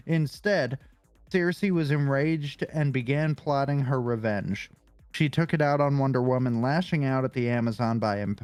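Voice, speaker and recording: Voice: mid-range voice, darkish tone, no room sound. A podcast co-host reading a comic-book character profile aloud, casual and swearing, stumbling over hard names.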